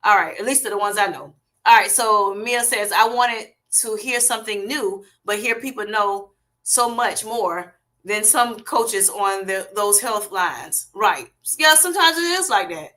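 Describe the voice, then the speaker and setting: Bright, chatty Southern woman host. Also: medium pitch, lively intonation, unhurried. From Southern United States. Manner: chatty and folksy, laughs often, talks straight to viewers. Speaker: livestream host. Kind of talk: casual livestream chat reading viewer comments.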